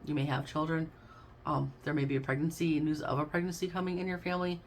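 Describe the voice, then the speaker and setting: Woman, low-pitched, tarot reader; casual and effusive, talks straight to her viewers. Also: little pitch movement, fast, slight background noise. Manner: chatty and effusive, addresses listeners as babes and y'all.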